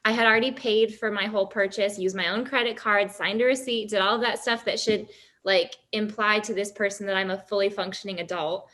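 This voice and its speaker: A young woman speaks in a relaxed interview, her voice sitting in an ordinary middle register. She talks in a lively, chatty way and tells her stories with plenty of fillers. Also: medium pitch, fairly quick. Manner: chatty, animated storyteller, many fillers. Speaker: guest athlete. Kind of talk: casual interview conversation.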